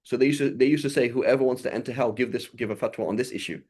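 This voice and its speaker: A man's voice: mid-range voice, rapid-fire, a little mellow, breathy edge. A man giving an informal religious lesson, talking loosely and often checking in with his listeners. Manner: conversational, often checks in with "right?"; recites Arabic passages fluently. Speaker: religious teacher.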